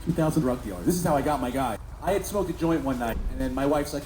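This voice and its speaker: A man's voice: fast, few pauses. Guy telling a stand-up story, voice bouncing all over, echoey room with noise behind. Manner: animated, swings into high voices for characters. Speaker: stand-up comedian. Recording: echoey venue with background noise.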